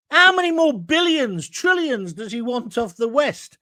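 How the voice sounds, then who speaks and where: Combative, animated male talk show host. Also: very high-pitched, moderate pace, few pauses, no room sound. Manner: combative, blunt, mocking. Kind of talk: opinionated commentary reading viewer comments.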